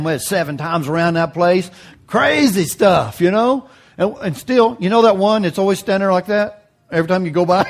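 A man pastor preaching a sermon in a folksy, joking way, his voice jumping high for emphasis.

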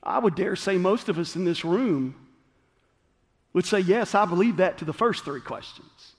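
A man preaching a sermon, moving between shouts and hushed, slow moments. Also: high voice. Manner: animated call-and-response preaching, swings from shouting to hushed. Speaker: pastor. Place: church sanctuary. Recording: long reverb of a large hall.

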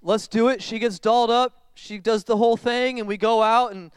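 A man, a pastor in his thirties, preaching a sermon in a conversational, animated way that swings from quiet reflection to loud emphatic bursts. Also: very high-pitched, normal speed, smooth, no room sound. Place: church sanctuary.

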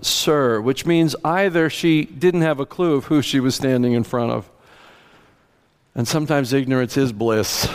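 A middle-aged male pastor delivers a sermon in an easy, conversational manner, slipping into lively quoted voices for the people in the scripture. His words carry a long reverb from the large sanctuary around him. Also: medium pitch, clean tone. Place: church sanctuary.

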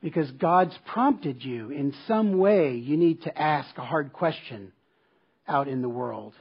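A man's voice: fairly high pitch, expressive, slow pace, breathy edge, lo-fi sound. A man preaching a sermon as pastor, telling a personal story in an earnest, emphatic way and returning to a repeated refrain. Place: church service.

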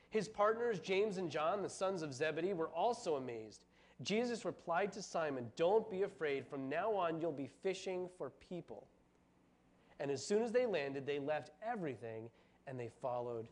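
A pastor preaching a sermon, telling a Bible story with animated storytelling and acting out the quoted voices. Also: male voice, high-pitched.

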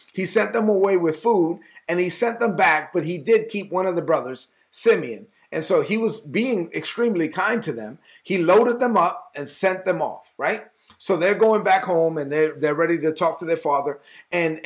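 High-voiced man preaching a casual sermon. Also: normal speed. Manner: conversational, animated, acts out dialogue.

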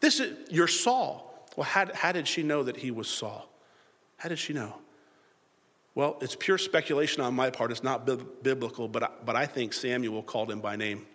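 A man's voice: medium pitch, moderate pace, fairly bright tone, in a large hall. A man preaching a sermon and acting out the biblical dialogue in different voices.

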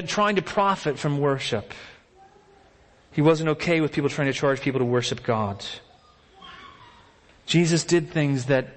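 A man preaching a sermon, telling Bible stories with animated, acted-out character voices. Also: fairly high pitch, big-room sound.

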